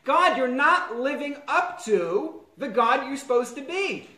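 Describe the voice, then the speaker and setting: A man teaching a class on a biblical book as a rabbi, quoting lines in varied, animated tones. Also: very high voice, unhurried, reverberant, rough recording. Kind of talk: lecture on a biblical text.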